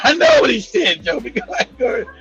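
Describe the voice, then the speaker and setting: A man's voice: very high-pitched, muffled recording. A man co-hosting a talk show, teasing, laughing and swearing. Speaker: show co-host. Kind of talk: casual talk show banter.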